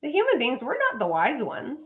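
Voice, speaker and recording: A woman's voice: high voice, wildly swooping pitch, brisk. A woman, a dog psychic guest, talking earnestly and effusively with many restarts. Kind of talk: emotional interview talk. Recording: tinny phone line.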